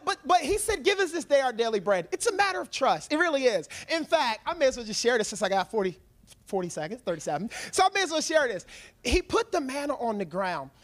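High, lively, excitable man preaching. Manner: excitable, laughs often, quick and animated. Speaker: lay speaker giving a short church talk. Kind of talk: energetic testimony-style sermon.

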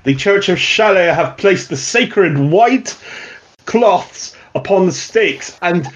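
A posh, pompous official, as a man puts him on who solemnly proclaims a quarantine. His voice sits high and his words are drawn out slowly. The recording is dull and lo-fi. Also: lively intonation. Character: posh male official sealing a plague house.

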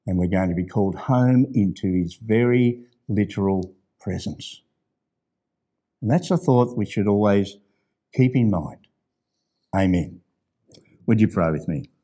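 Middle-aged pastor guy preaching, goes quiet and low then builds up loud and emphatic, sometimes reads a letter out. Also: measured pace, pauses often. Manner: rises to loud, emphatic declarations; drops low and soft for gentle asides. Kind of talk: sermon.

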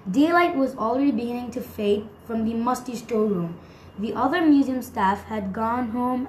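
A woman's voice: a little high, a little hiss or hum. Woman reading a storybook aloud. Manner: steady reading with small stumbles. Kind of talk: storybook narration. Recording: echoey room.

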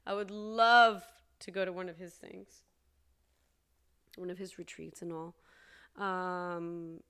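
A young woman talks through her own podcast in an unhurried, earnest way, lingering over her words. She often jumps up into high, emphatic bursts before settling back down. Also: little pitch movement, bright, forceful tone, smooth. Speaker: podcast host. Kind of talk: casual solo podcast talk.

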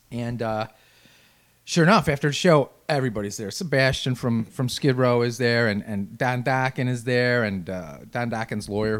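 A man from the Chicago area telling a rambling, profane story in casual chat. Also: mid-range voice.

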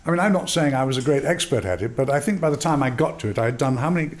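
Animated older man telling stories. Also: medium pitch, fast. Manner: animated, acts out dialogue in voices, laughs often. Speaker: actor and drama teacher. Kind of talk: storytelling interview.

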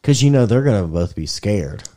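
Laughing, crude-joking man with a low voice. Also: expressive, normal speed, warm tone. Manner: crude, joking, laughs often, acts out hypothetical quotes. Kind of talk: casual chat.

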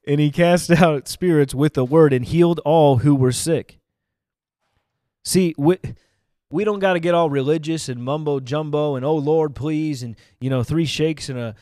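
A man preaching a fervent livestreamed sermon, speaking straight to viewers on camera and rising to loud emphatic declarations. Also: mid-range voice, dry recording, clean studio sound. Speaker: evangelist preacher. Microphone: camera mic, speaking to online viewers.

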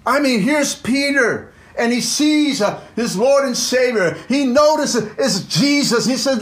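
High-voiced, fervent preacher man. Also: lively intonation, a little slow, hardly any pauses. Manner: fervent preaching, peppered with "amen" and "come on"; swings between loud exclamations and low, quiet asides. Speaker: pastor. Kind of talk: sermon.

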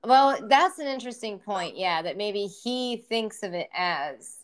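A woman's voice: mid-range voice, expressive, a little slow, crowd noise. Woman co-host, loose and profane, hyping listeners in casual chat. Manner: loose, profane, enthusiastic plugging. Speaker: podcast co-host.

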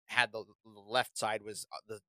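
A man's voice: fairly low pitch, level tone, moderate pace, bright, forceful tone, no echo. A man co-hosting a podcast, telling a story in casual, rambling chat full of restarts. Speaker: podcast co-host.

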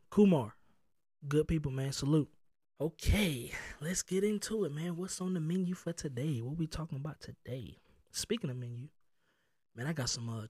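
A man's voice: medium pitch, a little mellow, no echo, studio quality. A man with a Southern US accent hosting his own podcast from home, talking loose and profane with street slang and jokes. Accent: Southern US (North Carolina). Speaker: podcast host. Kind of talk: casual chat.

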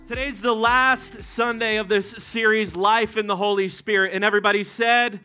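A male pastor preaching a sermon to his congregation, with joking asides dropped quietly between points. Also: high voice, clean tone. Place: church sanctuary.

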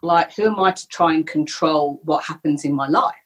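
Low husky woman telling a story. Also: moderate pace, poor audio. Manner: candid, reflective, animated when retelling. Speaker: guest. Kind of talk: personal storytelling in a podcast interview.

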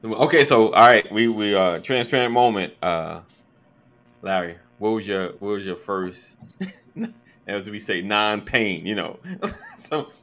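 Podcast guy asking the questions, lowish but bright voice, cracks up a lot. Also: unhurried. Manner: laughs often, leads questions. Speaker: podcast co-host. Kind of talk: casual chat.

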